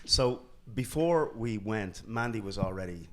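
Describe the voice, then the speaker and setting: Guy on an interview w a lowish voice, stop-start storytelling, lots of restarts. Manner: halting, many restarts, animated when retelling. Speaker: filmmaker guest.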